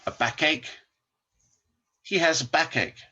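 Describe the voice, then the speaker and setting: A male teacher leads a recorded English lesson, saying each word and then repeating it. His voice is bright, his pitch moves a lot, and he takes each phrase at an unhurried pace. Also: animated, breathy edge. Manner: slow, repeats each word for learners to copy.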